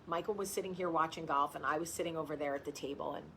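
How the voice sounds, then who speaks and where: A woman's voice: deep voice, steady tone, quick pace, a bit bright. A woman with a New Jersey accent hosts a casual livestream chat, telling a story in a rambling way. She breaks off to greet viewers by name and then picks the story back up. A faint hiss sits under her voice. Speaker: host.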